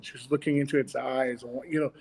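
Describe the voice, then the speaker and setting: A man's voice: medium pitch, fairly even intonation, quick pace, gravelly, darkish tone, husky, long reverb tail, low-quality recording. A man co-hosting a casual chat about children's ministry puppetry, talking in a rambling way with many restarts.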